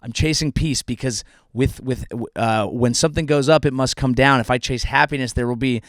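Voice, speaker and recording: A male comedian imitating a calm, soft-spoken Buddhist man in a slow, hushed voice. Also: mid-range voice, no room sound, studio quality, close to an everyday voice. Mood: serene.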